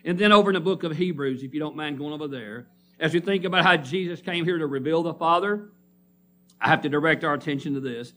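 A man's voice: a little high, fast talker, pushed and bright, a little hiss or hum. A man preaching a sermon to a congregation, reading scripture and calling for responses. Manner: emphatic call-and-response preaching. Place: church congregation.

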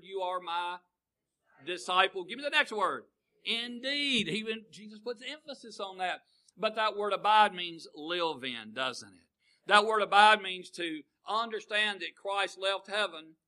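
An older man preaching a folksy sermon, calling out to the congregation and swinging between booming lines and hushed ones. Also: rough recording.

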